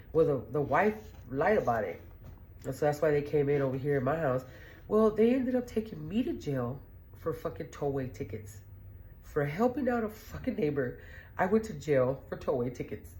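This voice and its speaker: A woman's voice: sits low, dark tone, slight background noise. Blunt, profane storytelling woman. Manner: blunt and profane, laughing and rambling. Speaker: podcast host. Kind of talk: casual storytelling monologue.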